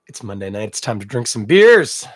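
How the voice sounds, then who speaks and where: A Canadian man with a stuffy, snuffly cold hosts a casual live beer-tasting podcast, chatty and self-deprecating with rambling asides. His mid-range voice has big pitch swings and a moderate pace, recorded at studio quality with no room sound.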